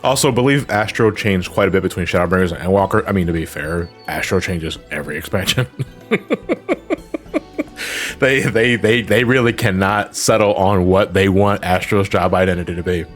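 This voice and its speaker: A man's voice: deep voice, normal speed, faint music behind. A man chatting casually while streaming a game, rambling with restarts and fillers and swearing freely. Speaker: streamer playing an online game. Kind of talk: casual gaming chat.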